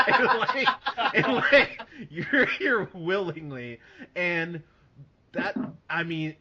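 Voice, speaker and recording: A man hosting a casual movie review podcast, animated and excitable, laughing often. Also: fairly high pitch, a little slow. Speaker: podcast host. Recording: dull lo-fi podcast audio.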